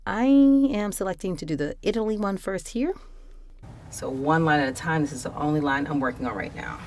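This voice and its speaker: A woman voice actor talking casually through her home recording process, explaining each step in a quiet room on a studio microphone. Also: low-pitched, brisk, a little hiss or hum. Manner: explanatory, chatty, self-correcting. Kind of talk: casual screen walkthrough. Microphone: studio condenser microphone.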